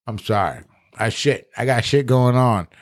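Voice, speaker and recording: A man's voice: mid-range voice, normal speed. A man co-hosting a podcast, telling a rambling, profane story in casual chat. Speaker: podcast co-host.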